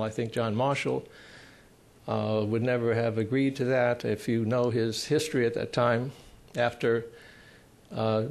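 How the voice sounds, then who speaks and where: A man speaking at a conference panel on constitutional law. He explains in a measured way, pausing often, with dry, emphatic asides. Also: medium pitch, vocal fry. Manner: measured, explanatory, with frequent pauses.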